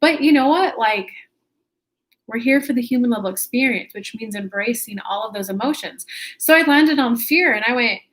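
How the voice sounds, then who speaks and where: A woman's voice: fairly high pitch, lively intonation, moderate pace, fairly bright tone. Chatty woman hosting a spiritual livestream. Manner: chatty, upbeat, with laughs and self-corrections. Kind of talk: casual livestream talk to viewers.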